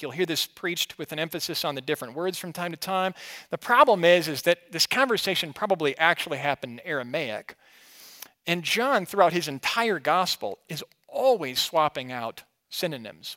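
A pastor with a slightly high voice gives an expository sermon in a conversational tone, asking his hearers questions and moving back and forth between strong emphasis and quietness.

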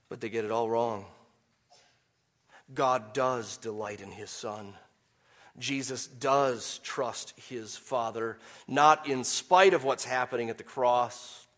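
A man preaching a sermon, swinging from quiet, measured explanation to loud, impassioned peaks when he quotes scripture. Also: mid-range voice. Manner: impassioned preaching, rising to near shouts on quotes. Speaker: pastor.

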